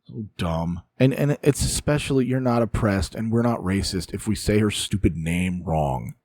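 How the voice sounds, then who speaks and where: A man's voice: on the low side, expressive, normal speed, a little mellow, dry recording. A man hosting solo political commentary, ranting in an exasperated way and sighing often.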